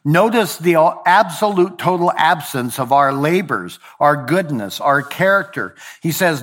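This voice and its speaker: A man preaching a sermon deliberately, slowing on key phrases and dropping low at the ends of lines, with the odd slip he corrects. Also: animated, a bit bright. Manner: occasional verbal slips and self-corrections. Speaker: pastor.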